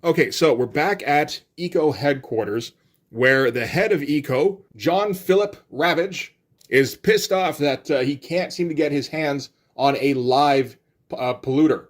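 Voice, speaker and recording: A man's voice: fairly high pitch, a little slow. A middle-aged man giving casual commentary as a comic book reviewer, wry and rambling with offhand asides.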